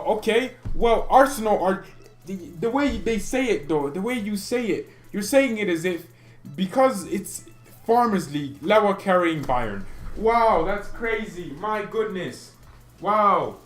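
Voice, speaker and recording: Exasperated, sarcastic male fan ranting. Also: a little high. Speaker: football fan channel host. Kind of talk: ranting commentary to camera.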